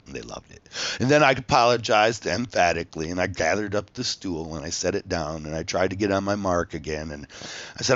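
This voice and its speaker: A man's voice: low-pitched, fairly quick, a bit bright, no room sound, dull audio. A man telling a story from his own past in a casual monologue, swearing freely and acting out the dialogue with animation.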